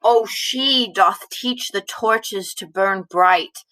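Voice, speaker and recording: A woman reading the lines of a lovestruck young nobleman in verse, slow and wondering. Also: medium pitch, bright, forceful tone, poor audio. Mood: awed.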